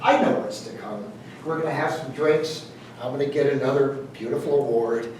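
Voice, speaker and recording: A motivational speaker in an event hall keeps his talk jokey and conversational, quizzing the live audience along the way. His mid-range voice moves at a moderate pace, picked up by a distant mic in an echoey room with heavy background noise.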